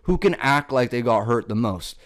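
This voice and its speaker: A man's voice: medium pitch, expressive, moderate pace. A young man, a comedian, ranting casually and profanely, rambling with lots of filler words and exasperation.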